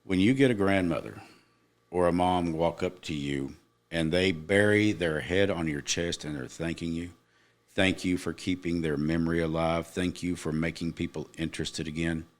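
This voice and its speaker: Deep-voiced middle-aged man telling a story. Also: steady tone, moderate pace. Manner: earnest, emphatic storyteller. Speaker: podcast guest. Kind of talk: personal storytelling in casual podcast chat.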